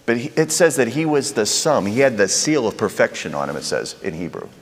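A man's voice: medium pitch, big pitch swings, brisk, in a large hall, slight background noise. A man preaching a sermon in a conversational way, asking the crowd rhetorical questions.

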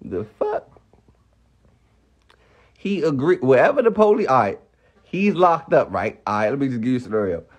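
A man's voice: mid-range voice, big pitch swings, moderate pace, pauses often. A young man ranting on a phone live stream, heated and profane, firing off rhetorical questions. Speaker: livestreamer.

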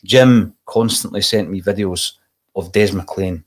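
A podcast host in casual chat with a lower voice. He puts relaxed, friendly questions to his guests. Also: a little slow.

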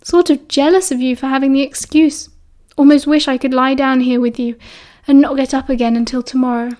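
A woman with a British accent voicing a caring teenage schoolboy who talks gently and coaxingly in an audiobook. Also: high voice, steady tone, brisk, natural voice. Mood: gentle.

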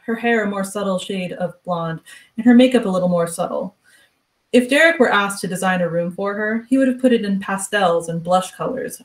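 A woman author reading her fiction aloud with steady, even narration. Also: fairly low pitch, echoey room, recorded from a distance, rough recording. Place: virtual book club event.

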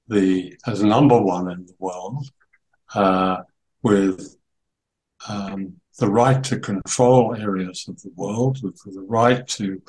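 An older man giving slow, deliberate interview answers, pausing often with fillers. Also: on the low side, low-quality recording. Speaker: interview guest, journalist.

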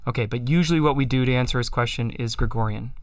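Speaking quickly in a smooth, medium-pitched voice, a man hosts a livestream where he casually chats about chant and sings psalm tones to show how they go, often at his own expense. The studio-quality recording has no echo.

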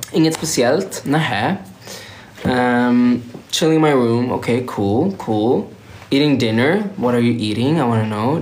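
A young man hosts a relaxed phone livestream, playful and giggly though plainly tired. He drawls at an unhurried, slow pace, and the sound has a roomy echo around it. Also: medium pitch. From Sweden. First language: Swedish. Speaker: livestream host. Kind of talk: casual livestream chat reading viewer comments.

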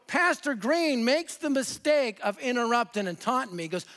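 A man in his fifties from Denver, preaching a sermon with lively, humorous storytelling that swings between loud and soft. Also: very high voice, normal speed, hardly any pauses. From Denver, USA. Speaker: guest preacher and evangelist.

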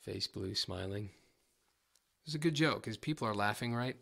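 A man giving a casual livestream guitar lesson, chatty and rambling, often poking fun at himself. His voice is low and gravelly with a bright, sharp edge. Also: animated, moderate pace. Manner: chatty, rambling, self-deprecating. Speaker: guitar teacher.

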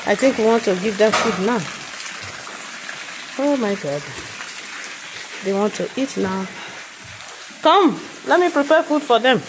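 Nigerian woman farmer, playful and coaxing with animals, slow easy delivery. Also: a little high, animated, noisy background. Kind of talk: casual vlog talking to farm animals.

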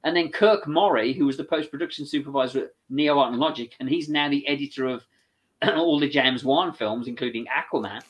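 A man with an English accent, a guest telling stories in a casual, animated way and acting out what other people said. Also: mid-range voice, a little fast. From England. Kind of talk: casual anecdotal storytelling.

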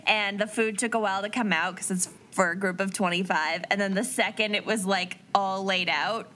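A woman's voice: medium pitch, steady tone, bright, forceful tone. A woman co-hosting a casual podcast chat, giggling often and telling stories at length. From Minnesota. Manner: giggly, drawn-out storytelling. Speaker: podcast co-host.

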